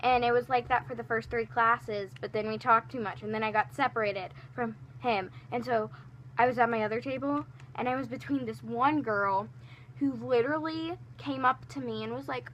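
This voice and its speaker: A teenage girl telling rambling, animated school stories in a casual storytime vlog, with lots of fillers and restarts. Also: a little high, moderate pace, highs cut off, a little hiss or hum. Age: teens. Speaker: storytime vlogger.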